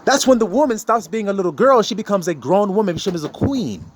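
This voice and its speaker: A man preaching in a loose, informal way, his voice sitting a touch high and swinging widely up and down. He swears casually and often breaks into laughter as he drives his points home. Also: lively intonation, fast talker. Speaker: spiritual teacher.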